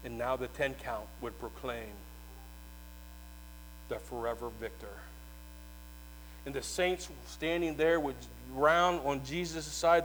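A male preacher delivering a sermon as dramatic storytelling, moving between hushed, slow passages and shouted proclamations. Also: medium pitch, a little hiss or hum, rough recording.

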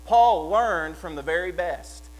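A man delivers a sermon. He preaches with passion, rising to loud fervor and then dropping to a quiet, earnest tone. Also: high-pitched, lively intonation, slow, faint music behind, poor audio. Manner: impassioned, swings from loud to hushed. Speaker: pastor.

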